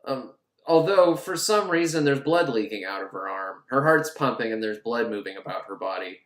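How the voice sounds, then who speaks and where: Sarcastic, profane male film recapper, lively pitch, echoey room. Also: moderate pace. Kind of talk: casual comedic film recap.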